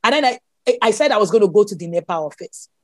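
A woman's voice: medium pitch, lively intonation, quick pace, darkish tone, dry recording, studio quality. A woman with a Nigerian accent, a guest animatedly telling a personal story. She exclaims often and laughs as she talks.

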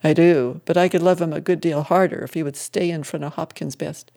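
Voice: medium pitch, steady tone, brisk, gravelly, warm tone, natural voice. A reader voicing a stubborn older deacon who talks plainly and boastfully about his horses in a storybook reading.

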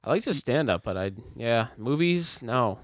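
A man co-hosting a podcast, talking through a movie review in a laid-back, halting way with frequent laughs. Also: medium pitch, expressive, fairly bright tone, no room sound, studio quality. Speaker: podcast co-host. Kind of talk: casual movie review chat.

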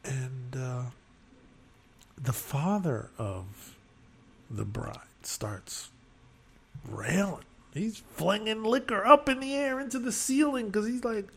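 A man co-hosting a podcast and telling a story in casual chat, animated and laughing often. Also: sits high, slow pace, creaky, long pauses, slightly rough. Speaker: podcast co-host.

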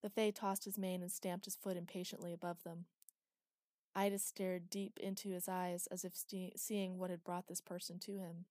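A woman narrating a fantasy story in an even, measured reading. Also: lowish voice, dry recording, clean studio sound.

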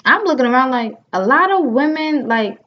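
A woman's voice: sits high, normal speed. A woman in her thirties telling a story in casual chat, acting out the lines of the people in it and using many fillers. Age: 30s. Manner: animated, acts out quotes, frequent fillers. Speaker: podcast host. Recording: dull lo-fi sound.

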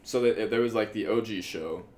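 A young man co-hosting a podcast, chatting casually with quick joking asides. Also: on the low side, a crowd in the background. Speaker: podcast co-host. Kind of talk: casual chat. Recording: echoey room with faint noise.

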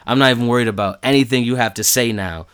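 A man co-hosting a casual chat, retelling what he watched with lively acted-out quotes and frequent laughter. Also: fast talker, smooth. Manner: animated storyteller, acts out quotes with big pitch jumps and laughs.

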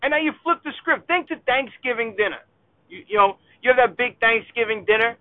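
A man's voice: extremely high pitch, animated, fairly quick, dry recording. A middle-aged man hosts a sports podcast from his car while driving, ranting in an exasperated, casual way. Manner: exasperated, acts out other people's requests. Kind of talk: casual monologue rant. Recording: tinny phone-like dry sound.

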